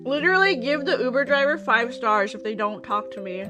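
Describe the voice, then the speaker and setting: A woman's voice: fairly high pitch, animated, fairly quick, highs cut off, music in the background. A woman streamer in casual chat with her viewers, talking while she eats. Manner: chatty, talks while eating.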